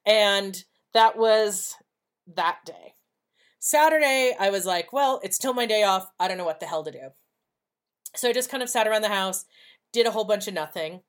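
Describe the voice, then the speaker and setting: A woman's voice: medium pitch, animated, moderate pace. A woman co-hosting a podcast, telling a personal story in a blunt, profane, casual way and acting out the dialogue. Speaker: podcast co-host.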